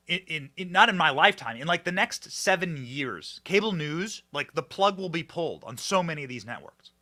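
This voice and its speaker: Guy hosting a political podcast, super lively swooping voice, really bright and sharp, mocking and punchy. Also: fairly high pitch, normal speed. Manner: animated, emphatic, mocking, repeats words. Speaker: podcast host. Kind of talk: political commentary.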